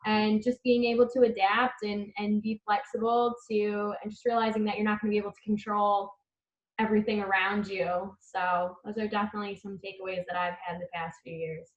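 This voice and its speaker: A woman's voice: medium pitch, little pitch movement, brisk. A woman who coaches college tennis, talking earnestly and reflectively as an interview guest over a video call. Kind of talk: interview guest, casual talk. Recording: echoey, dull lo-fi call audio.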